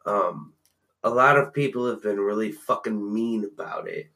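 A man's voice: on the low side, normal speed, sharp tone. Swearing young-sounding man chatting. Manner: casual, swearing, trails off into meta commentary. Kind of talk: casual chat.

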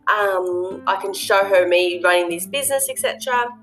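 A woman's voice: mid-range voice, moderate pace, a bit bright, faint music behind. A woman hosting a casual monologue, speaking earnestly and reflectively with plenty of ums and you-knows. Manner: earnest, reflective, lots of fillers. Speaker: host.

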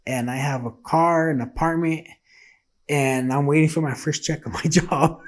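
A man's voice: a little high, steady tone, moderate pace. A man telling his faith testimony in a casual, earnest and emotional way, acting out the dialogue he quotes.

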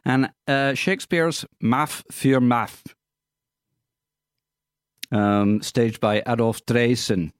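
A male radio co-host reading out film news in casual chat, halting with many fillers and stumbling over foreign names. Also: medium pitch, fairly even intonation, smooth, no room sound, clean studio sound. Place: radio studio.

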